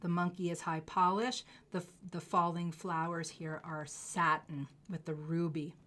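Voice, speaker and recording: Effusive woman host selling jewelry on a live stream, with a voice pitched a little low. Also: flat delivery, measured pace. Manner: gushing, effusive, drops into soft asides. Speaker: jewelry seller hosting a live sales stream. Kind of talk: live shopping stream presentation.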